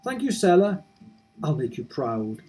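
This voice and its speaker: A man reading aloud in his own voice as a determined young game hero, steady and earnest. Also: a little high, measured pace, husky, faint music behind, full character voice, rough recording. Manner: steady, earnest narration of resolve.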